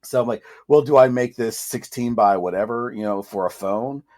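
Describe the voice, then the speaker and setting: A man's voice: mid-range voice, moderate pace, darkish tone. A man co-hosting a podcast, ranting in casual chat with frequent swearing and restarts, his voice leaping up when frustrated. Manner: swears freely, self-interrupting. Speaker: podcast co-host.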